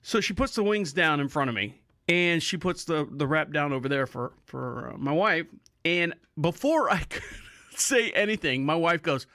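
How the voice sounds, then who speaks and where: A man's voice: sits high, expressive, normal speed, pushed and bright, no echo, studio quality. A man hosting a podcast, telling a rambling story in casual talk, swearing freely and laughing often. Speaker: podcast host.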